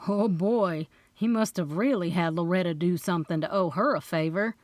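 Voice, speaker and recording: A woman's voice: fairly low pitch, moderate pace, a little mellow, no room sound, studio quality, lightly acted. A woman voicing an amused, chatty man who leads a mystery club in an audiobook. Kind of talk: audiobook character voice.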